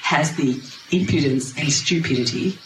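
Wry, animated storyteller. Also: mid-range voice, normal speed. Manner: animated, wry, laughing asides. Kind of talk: lively spiritual storytelling to a group. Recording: roomy, noisy ambience.

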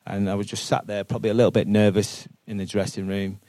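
Before a live audience in a boardroom, a football manager fields podcast questions with earnest thought, frequently repeating words as he works through his answers. He speaks quickly in a low, warm voice with flat delivery and no room sound.

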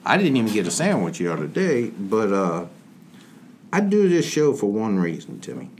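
A man playing a portly, pompous gentleman colonel, drawling and boastful on a comedy podcast. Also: on the low side, wildly swooping pitch, moderate pace. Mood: blustering. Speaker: podcast co-host. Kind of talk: comedic podcast character banter. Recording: light background noise.

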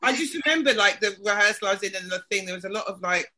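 A woman guest joining a relaxed podcast conversation about stand-up and acting. Her voice is bright and ringing. She speaks haltingly, restarting as she looks for her words. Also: mid-range voice. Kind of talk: casual podcast chat.

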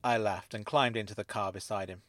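A man narrating a first-person mystery story in an even storytelling manner. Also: lowish voice, brisk, dry recording.

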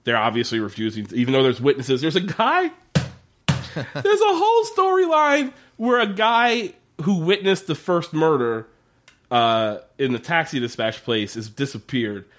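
Lively profane man recapping an episode. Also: a little high, moderate pace. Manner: profane, laughing, acts out characters' lines. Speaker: podcast co-host. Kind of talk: casual chat recapping a TV episode.

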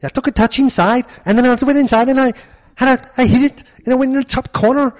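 A man's voice: extremely high pitch, steady tone, quick pace, pitched above the performer's own voice. A man voicing a young male footballer from Birmingham with a Birmingham accent, boastfully replaying his goal in a post-match chat.

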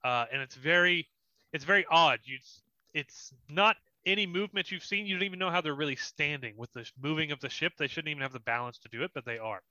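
A man's voice: on the high side, fast, bright, forceful tone, no echo, muffled recording. A young man narrating as dungeon master of a tabletop game, in a casual, descriptive way. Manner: descriptive, laughs often, casual.

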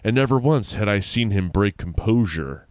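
A man's voice: lowish voice, expressive, normal speed, no room sound. A man reading a spooky story aloud in a casual way, with laughing asides.

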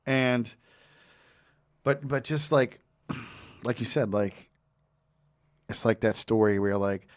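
A man's voice: mid-range voice, takes it slowly, pauses often. A man hosting a podcast interview, talking in a loose, conversational way and swearing freely. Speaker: podcast host. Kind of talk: casual interview chat.

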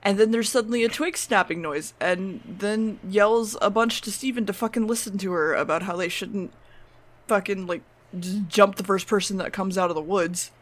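A woman's voice: mid-range voice, normal speed. A woman co-hosting a podcast, recapping an episode in loose, rambling, sweary casual chat with offhand jokes. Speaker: podcast co-host.

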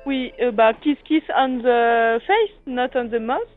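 Casting note: French woman taking a call at work, high voice, hesitant, heard through a phone line. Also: a little slow, faint music behind. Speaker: restaurant staff on a phone call.

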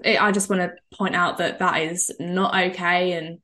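A young woman co-hosting a casual podcast chat, animated and excitable, often breaking into laughter. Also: fairly low pitch, normal speed. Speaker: podcast co-host.

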